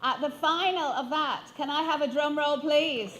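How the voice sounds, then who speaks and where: A woman's voice: high-pitched, normal speed, hardly any pauses, a bit bright, a little hiss or hum. A woman in her fifties with a Yorkshire accent, giving a motivational storytelling talk on stage, humorous and playful, asking the audience questions. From England. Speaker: keynote speaker.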